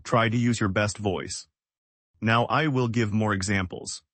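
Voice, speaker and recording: A man from the United States, teaching English in slow, simple, evenly paced sentences. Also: lowish voice, fairly even intonation, fairly bright tone, no room sound. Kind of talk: slow scripted lesson.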